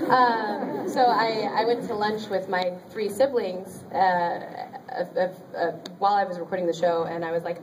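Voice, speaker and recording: A woman's voice: mid-range voice, fairly even intonation, normal speed, hardly any pauses, recorded from a distance, slight background noise, low-quality recording. A woman voice actress telling stories on a convention panel, chatty and bubbly, laughing often and saying "like" a lot. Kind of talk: animated anecdote telling to a live audience.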